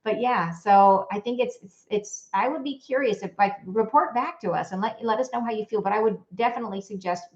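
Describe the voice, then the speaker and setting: A woman giving spiritual guidance in a live question-and-answer chat, gentle and reassuring, often restarting her sentences. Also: medium pitch, a little fast, few pauses. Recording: roomy and dull, lo-fi.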